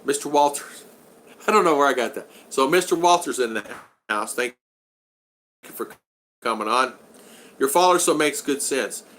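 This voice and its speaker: A man's voice: medium pitch, lively intonation, moderate pace, long pauses, fairly bright tone. A man in his sixties hosting a casual live stream at home, chatting loosely, reading out viewer comments and teasing regulars in a friendly way. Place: at home in the Philippines.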